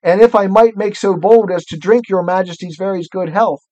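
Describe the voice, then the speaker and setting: A man's voice: high-pitched, a little fast, a little mellow, dry recording, highs cut off, voice pushed up, close to an everyday voice. A man reading aloud and voicing a timid, overly polite male fox from a storybook, deferential and stammering. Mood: pleading.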